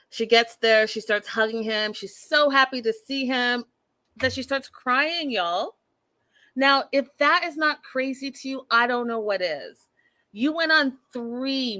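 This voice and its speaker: A woman in her thirties hosting a casual show recap, blunt and opinionated, talking straight to her listeners. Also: on the high side. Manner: animated, blunt and opinionated, addresses listeners as y'all. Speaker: podcast host recapping a reality show.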